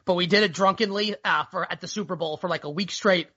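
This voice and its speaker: A man's voice: high voice, quick pace, bright, forceful tone, husky. A man co-hosting a sports betting podcast, brash and teasing in casual chat. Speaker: podcast co-host. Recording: dull lo-fi podcast audio.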